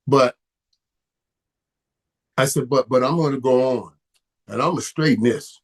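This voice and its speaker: A man's voice: mid-range voice, unhurried. Stammering, heated middle-aged man. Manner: stammering, repeats words, gets emotional and heated. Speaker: host. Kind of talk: casual live-stream talk.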